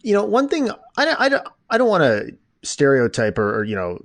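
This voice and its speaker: A man hosting his own podcast, chatting informally with jokes and lively asides. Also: fairly high pitch, normal speed, no room sound. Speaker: podcast host. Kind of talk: casual interview chat.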